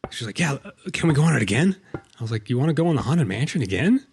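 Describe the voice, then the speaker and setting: A man's voice: medium pitch, very animated, quick pace, darkish tone, a little hiss or hum. A middle-aged man telling a long personal story in a casual, rambling way while playing a game, with many fillers and restarts. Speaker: Minecraft let's play host.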